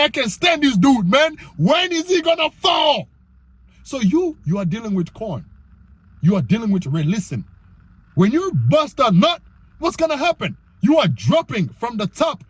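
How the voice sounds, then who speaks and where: A man giving an emphatic, preachy motivational talk to his viewers about self-control, reading scripture slowly and often asking "you know what I'm saying?". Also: high-pitched, husky. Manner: reads scripture aloud slowly in old-style wording. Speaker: YouTuber giving faith-based self-control advice.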